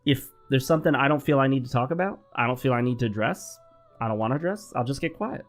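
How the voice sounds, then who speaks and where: Male gaming host, calm and lecturing, with faint music behind. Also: mid-range voice, fast talker. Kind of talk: advice talk over gameplay.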